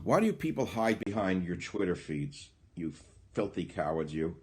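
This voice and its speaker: An older man with a low voice rants through a political monologue. He swings from loud indignant outbursts down to low, muttered asides. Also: sing-song, normal speed, husky. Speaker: radio talk host. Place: small cottage by the bay.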